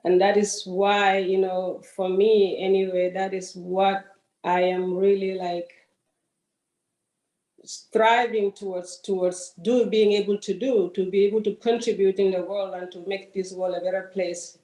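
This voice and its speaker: A woman's voice: medium pitch, little pitch movement, measured pace, mellow, reverberant, poor audio. A woman from Gambia speaks gratefully and a little hesitantly, often restarting her sentences as she shares her story. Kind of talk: personal story in a group session.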